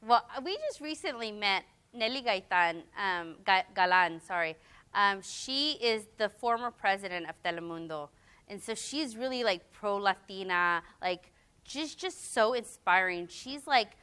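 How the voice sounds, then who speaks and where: A woman's voice: medium pitch, normal speed, pushed and bright, clean tone. A middle-aged mother speaking casually and sentimentally at a public question-and-answer talk, with chatty asides. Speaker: mother and business co-founder.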